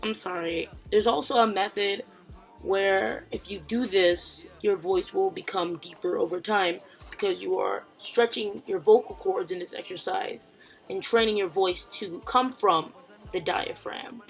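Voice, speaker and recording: A man's voice: high voice, measured pace, creaky, soft background music. A man casually giving advice in a vlog, rambling and joking with fillers and asides.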